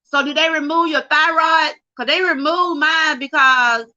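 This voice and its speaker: A woman's voice: sits high, a little slow, bright, forceful tone, dull audio. A middle-aged woman giving an emotional, fervent testimony on her livestream, close to tears and calling out to viewers. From Georgia, USA. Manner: fervent, preacher-like, addresses viewers as y'all. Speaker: livestream host.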